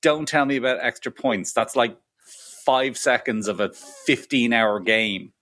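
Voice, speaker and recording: A man's voice: mid-range voice, measured pace, a bit bright. British male guest, dry wit, mock-offended banter. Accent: British English. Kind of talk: casual chat.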